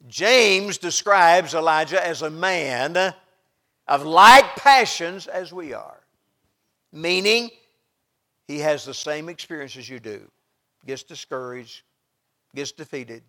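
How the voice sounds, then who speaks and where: A middle-aged man preaching a sermon, impassioned, swinging from loud outbursts to hushed asides. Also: a little high, takes it slowly, long pauses.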